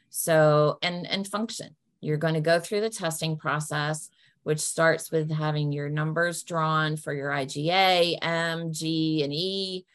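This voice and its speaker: A woman answering questions with practical, down-to-earth advice, acting out polite phone lines as examples. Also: low voice. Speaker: patient advocate answering questions.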